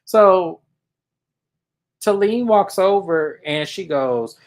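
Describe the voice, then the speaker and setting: A woman hosting a casual reality TV recap, acting out what people said with big jumps in her voice. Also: normal speed. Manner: animated, acts out quotes with big pitch jumps.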